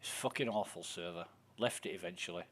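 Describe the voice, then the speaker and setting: A man's voice: low voice, brisk, fairly bright tone, husky. A man with a Yorkshire accent chatting casually while streaming a game, telling rambling stories and swearing often. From Yorkshire, England. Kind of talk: casual chat while gaming.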